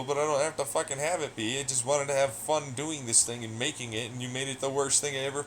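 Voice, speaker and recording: A man's voice: medium pitch, fairly even intonation, brisk, fairly bright tone, a little hiss or hum, poor audio. A young man chatting casually on a livestream, rambling and swearing a lot in a sardonic tone. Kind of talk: casual stream chat.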